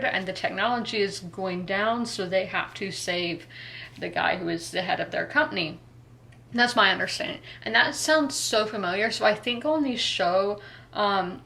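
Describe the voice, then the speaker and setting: A woman's voice: medium pitch, creaky, bright, forceful tone. Chatty young woman vlogging. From South Carolina, US. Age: 20s. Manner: chatty and rambling, many ums and likes. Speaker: book vlogger. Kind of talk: casual reading vlog chat.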